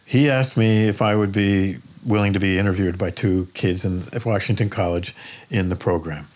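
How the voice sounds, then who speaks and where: An older man, a painter, talking in a podcast interview as a plainspoken, lively storyteller who swears freely. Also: low voice, normal speed. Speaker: painter guest.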